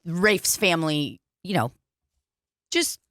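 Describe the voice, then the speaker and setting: Swearing, low-voiced woman telling a story. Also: lively intonation, takes it slowly, a bit bright, no room sound, clean studio sound. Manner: swears freely, acts out quotes. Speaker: podcast co-host. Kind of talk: casual chat, storytelling.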